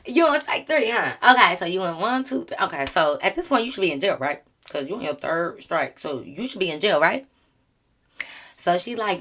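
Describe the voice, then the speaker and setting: A woman YouTuber telling a storytime vlog in a sassy, slangy, animated way. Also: fairly low pitch, normal speed.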